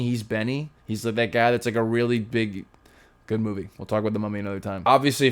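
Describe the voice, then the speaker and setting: A man's voice: medium pitch, smooth. A man in his thirties reviewing a movie in a casual, jokey, sarcastic way, rambling through the plot.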